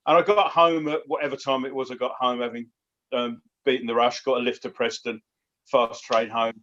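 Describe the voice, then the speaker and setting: A man's voice: medium pitch, steady tone, normal speed, fairly bright tone. A man telling anecdotes as a guest on a casual football chat, with stammered restarts. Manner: stammering restarts, chuckling storyteller. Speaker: panel guest. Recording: slightly dull remote call audio.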